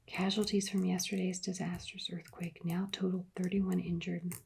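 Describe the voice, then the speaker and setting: A woman voicing a matter-of-fact male radio news announcer in a whispered role-play, with an even newsreader delivery. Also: fairly low pitch, moderate pace, vocal fry, slightly rough, heavily acted. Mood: sober.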